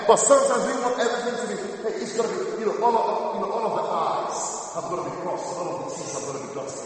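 A man's voice: sits high, quick pace, hardly any pauses. A man preaching a sermon as a minister, chatting with asides to his congregation. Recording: echoey hall with long reverb.

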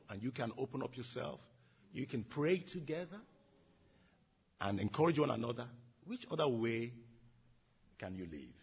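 A man's voice: medium pitch, husky, muffled recording. A man preaching an earnest sermon, repeating and building his phrases. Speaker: pastor.

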